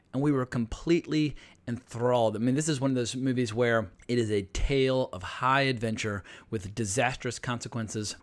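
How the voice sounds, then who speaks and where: An excited man delivers a casual film review straight to camera, gushing with enthusiasm. He talks loosely and conversationally, with fillers, and sounds like a fan sharing favorites. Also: medium pitch. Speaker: film reviewer and channel host.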